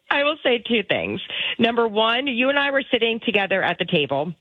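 A woman's voice: on the high side, big pitch swings, normal speed, breathy edge, no echo. A woman co-hosting and producing a talk show, telling stories playfully and laughing often over a tinny, phone-like line. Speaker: producer and co-host. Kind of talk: casual banter.

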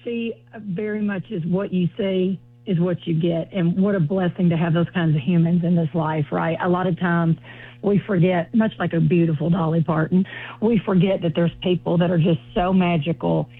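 A woman's voice: fairly low pitch, fairly even intonation, normal speed, husky, no room sound. A woman with a Southern US accent, a comedian chatting as a guest over the phone in a bubbly, folksy way. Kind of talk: casual chat on a phone call. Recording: tinny phone line.

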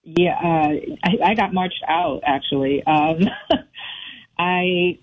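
A woman calling in to a radio show by phone, speaking in a laid-back, hesitant way with halting restarts. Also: on the low side, muffled recording. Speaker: caller. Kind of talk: phone-in chat.

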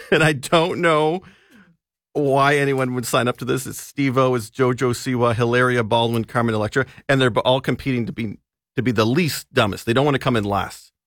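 An easygoing man chatting about films and television on a radio program. His voice sits at an ordinary middle pitch and sounds close and dry in the studio, with a loose, laughing delivery. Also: normal speed, a bit bright, no room sound. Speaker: entertainment reviewer. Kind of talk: casual radio chat.

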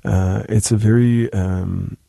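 A young man with a very deep, gravelly voice talks thoughtfully as an interview guest. He pauses often and restarts his sentences. His tone is dark and mellow, and the recording is dry and close. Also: fairly even intonation, no room sound. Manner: thoughtful, halting, many restarts. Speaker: musician guest. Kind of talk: casual interview talk.

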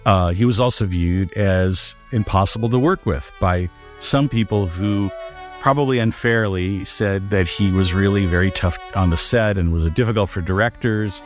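Deep-voiced male author explaining calmly. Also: soft background music. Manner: measured, explanatory, with some fillers. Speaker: author and guest. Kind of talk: interview commentary.

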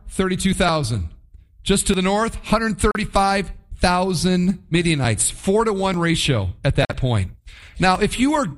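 Male preacher, high voice, lively sermon delivery, acts out the story. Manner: animated, acts out scenes in voices.

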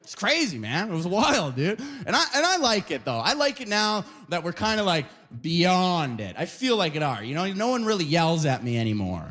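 A man from Alberta doing stand-up, rambling and leaning on "you know" constantly. His voice sits a little high and leaps all over the place. It sounds like a stage mic in front of a comedy club audience. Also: big pitch swings, moderate pace, few pauses, a bit bright. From Alberta, Canada. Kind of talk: stand-up set.

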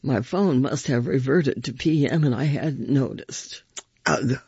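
Gravelly man reading a story. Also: mid-range voice, no echo, highs cut off. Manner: measured, expressive storytelling. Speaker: reader of first-person stories.

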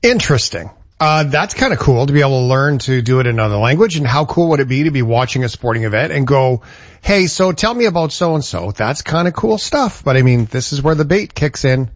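A man's voice: medium pitch, animated, dry recording. Male host joking around w/ his guest, dry close sound, bit muffled. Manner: joking, quick reactions. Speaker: show host. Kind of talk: casual talk show chat.

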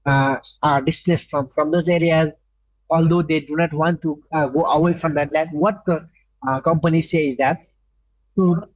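A man from Nepal, an indigenous rights advocate answering interview questions earnestly, pausing often with fillers. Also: on the high side, dry recording, lo-fi sound. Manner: earnest, halting with many fillers.

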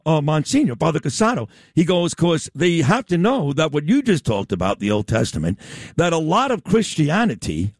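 A man hosting a talk radio show, chatty and quick to react. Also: on the high side, dry recording, clean studio sound.

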